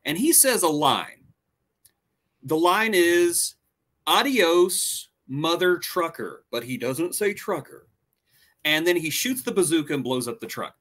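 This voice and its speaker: A man in his forties with a bright, slightly high voice, telling a story with lots of rise and fall. He talks with easy enthusiasm as a co-host. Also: big pitch swings, measured pace. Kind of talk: casual storytelling chat.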